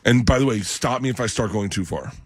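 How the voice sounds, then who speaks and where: Speaking quickly in a mid-range voice, a middle-aged comedian visiting a radio studio spins an animated, funny story, laughing as he goes and imitating other people. The recording is dry.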